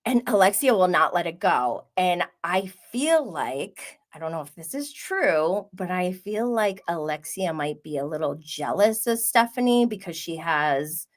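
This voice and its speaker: A woman's voice: on the low side, unhurried, few pauses. A woman hosting a live stream, chatting casually and gossiping, reacting to comments with frequent laughs. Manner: animated, gossipy, laughs often, reads chat aloud. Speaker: host.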